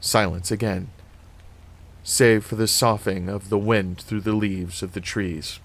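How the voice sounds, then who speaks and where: Low-voiced man reading a horror novel. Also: steady tone, moderate pace, a bit bright. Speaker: reader.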